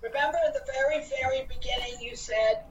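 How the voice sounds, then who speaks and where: A woman's voice: high voice, fairly even intonation, brisk, muffled recording. A woman student asking the rabbi questions during a class, in a polite, hesitant way.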